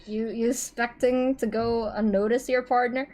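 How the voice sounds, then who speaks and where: A woman streaming a story game, chatting casually, excitable and stammering through restarts. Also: on the high side, moderate pace. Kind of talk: casual let's-play chat.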